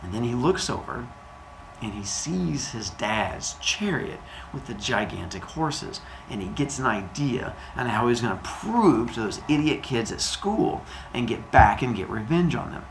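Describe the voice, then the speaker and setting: Lively, jokey male storyteller. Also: medium pitch, unhurried, creaky, reverberant, background noise. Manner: animated and jokey. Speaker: storyteller and podcast host. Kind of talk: casual myth storytelling.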